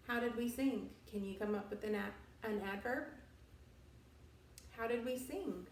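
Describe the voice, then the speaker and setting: A woman teaching an elementary school lesson for remote students, slow and patient, recorded on a tablet in a classroom. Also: a little high, distant mic, slight background noise. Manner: slow, patient, drawn-out instructional delivery. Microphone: tablet device recording. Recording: echoey room, voice off-mic.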